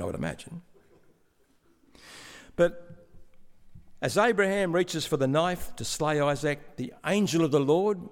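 A man preaching a sermon in a measured, explanatory way, with some stammering restarts. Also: on the high side. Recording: long hall reverb.

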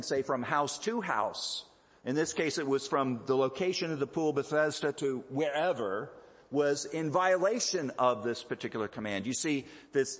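A man preaching a sermon in a measured, explanatory way, often pausing with fillers and repeated words. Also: medium pitch. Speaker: pastor. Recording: echoey hall.

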